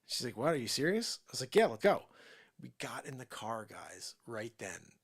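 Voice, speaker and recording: A middle-aged man hosting a live show, ranting in an animated improvised monologue that swings between loud outbursts and low muttered asides, with mocking put-on voices. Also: normal speed, slightly rough. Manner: does mocking put-on voices and mock Spanish.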